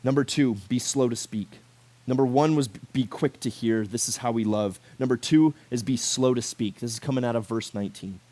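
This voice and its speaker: A man preaching a casual youth sermon to high schoolers, animated and conversational, full of rhetorical questions and filler words. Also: moderate pace. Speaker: youth pastor.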